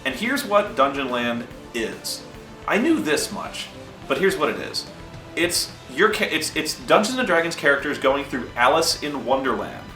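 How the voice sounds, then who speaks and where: A man spinning a gaming story with lively, swooping pitch and a bright, forceful edge, swearing freely and tripping over restarts. He is heard off-mic in an echoey room, with faint music underneath. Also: moderate pace. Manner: profane, excitable, frequent restarts. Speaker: tabletop game storyteller. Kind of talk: animated storytelling.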